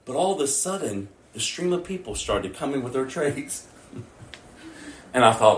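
A man's voice: medium pitch, animated, moderate pace, pauses often, a little hiss or hum. A man preaching a sermon, telling stories and acting out his own prayers and other people's words. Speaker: pastor. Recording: echoey room, mic at a distance.

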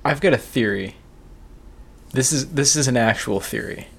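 A man's voice: mid-range voice, normal speed, creaky, slightly rough. A man co-hosting a casual podcast, making wry points and laughing at his own jokes. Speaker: podcast co-host.

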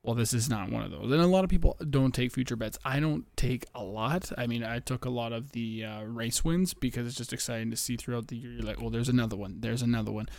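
A young man talks through his betting podcast from home late at night, keeping his voice down so he won't wake anyone. His gravelly voice sits at an ordinary pitch, close and dry in the recording. He rambles and swears freely, sounding a little out of breath. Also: brisk, few pauses, dry recording. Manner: rambling, profane, talking low to keep quiet. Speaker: podcast host. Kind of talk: casual betting podcast chat.

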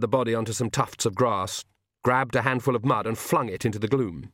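A man narrates a comic fantasy novel at a middling pitch with measured storytelling. The recording is dry and close, with no room sound. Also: fairly bright tone, dry recording. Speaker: audiobook narrator. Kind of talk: scripted narration.

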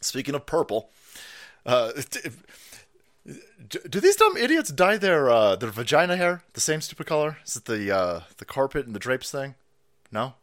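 A man's voice: medium pitch, huge pitch swings, normal speed. Profane ranting male livestream host. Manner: profane, mocking, swings between shouting and muttering, laughs often. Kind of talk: ranting live commentary.

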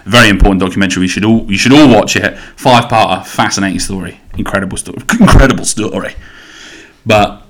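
A man's voice: lowish voice, quick pace, fairly bright tone. A man in his thirties hosting a solo podcast, rambling casually and swearing as he goes. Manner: rambling, sweary, self-interrupting. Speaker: podcast host.

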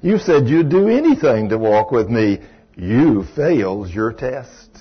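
A preacher voicing God as a solemn, slow-spoken divine voice in a retold story. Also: male voice, sing-song, slightly rough. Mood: solemn rebuke. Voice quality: low and slow, grave. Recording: dull lo-fi sermon recording.

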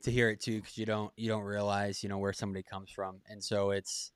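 A man's voice: lowish voice, flat delivery, fairly quick, clear, resonant tone, dry recording, clean studio sound. A man from Boston, a podcast host, reflecting casually on the guest's story and rambling a little, with self-deprecating dad jokes.

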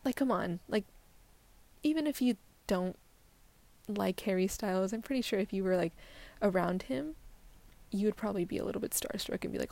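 A woman's voice: medium pitch, expressive, moderate pace, vocal fry, pauses often, a little mellow. A young woman hosting her own solo podcast, rambling casually with lots of fillers and swearing, often dropping to a near-whisper. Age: young adult. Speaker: podcast host.

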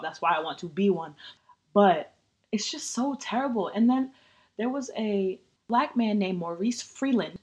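Fired-up young woman ranting, low voice. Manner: heated, profane, emphatic. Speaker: podcast host. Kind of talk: casual solo podcast rant.

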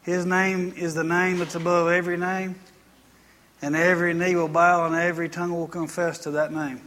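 A man's voice: high voice, flat delivery, normal speed, a bit bright, in a large hall, a little hiss or hum. A man preaching a sermon as pastor, earnest and folksy, repeating phrases for emphasis.

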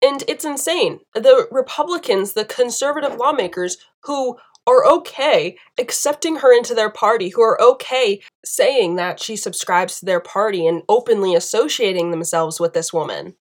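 A woman's voice: a little high, animated, normal speed, few pauses. An American woman ranting through a political opinion monologue for her channel. She talks with strong, emphatic conviction, stacking up lists and repeated phrases to hammer her points home. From United States. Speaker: political commentator.

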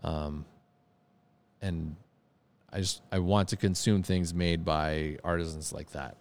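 A man's voice: low-pitched, fairly even intonation, takes it slowly. A man chatting casually and with enthusiasm, often repeating words as he searches for them. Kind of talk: casual chat.

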